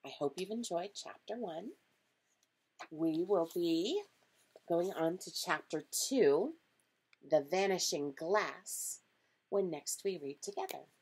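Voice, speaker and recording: A woman reading a children's storybook aloud as a storyteller, in a steady, expressive way. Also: fairly low pitch, slow, long pauses, slightly rough, low-quality recording.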